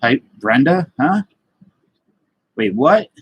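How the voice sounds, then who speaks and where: A man's voice: mid-range voice, big pitch swings, takes it slowly, breathy edge, low-quality recording. A man hosting a casual live stream, rambling loosely and greeting viewers by name as he reads their comments. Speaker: livestream host.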